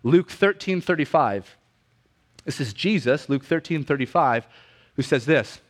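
A man preaching a sermon in a conversational teaching manner, often checking in with "right?" and "okay?" and slowly repeating key definitions so listeners can write them down. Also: fairly high pitch, animated. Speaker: pastor.

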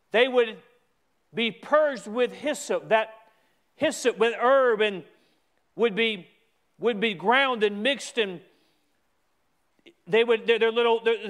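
A man preaching a sermon as a pastor, emphatic, with repeated restarts and stretches where he rises to a shout. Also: high-pitched.

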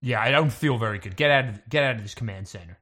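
Deadpan man playing a starship captain. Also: mid-range voice, fast talker. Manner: deadpan, matter-of-fact delivery of absurd lines. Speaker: player as ship's captain on the bridge. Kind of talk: improvised sci-fi role-play.

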